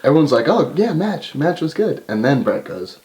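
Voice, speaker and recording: A man's voice: a little high, normal speed. A man co-hosting a wrestling review podcast, chatting casually and acting out quotes in put-on voices. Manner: animated, acts out quotes with jokey put-on voices. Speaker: podcast co-host. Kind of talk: casual chat.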